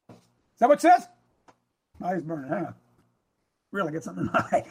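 A man in his sixties preaching a sermon, emotional and repeating phrases for emphasis, building to shouts. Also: high-pitched, sing-song, moderate pace, pauses often, husky. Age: 60s.

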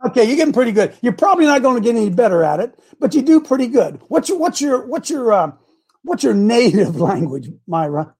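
A middle-aged man hosting a casual morning show, rambling and repeating himself, with sudden loud outbursts. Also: very high voice, very animated, fairly quick, husky. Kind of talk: casual live-stream talk.

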